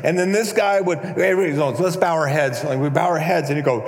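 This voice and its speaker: Animated pastor in an echoey hall. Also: male voice, a little high, fast, hardly any pauses. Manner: conversational, animated, acts out prayers in a mock-pompous voice. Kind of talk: sermon. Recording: echoey hall, long reverb.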